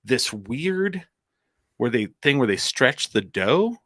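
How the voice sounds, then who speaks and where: A man's voice: medium pitch, very animated, slow, fairly bright tone, no echo, clean studio sound. A man from Albuquerque telling a casual anecdote on a comedy podcast, rambling with plenty of "like" and restarts. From Albuquerque, New Mexico.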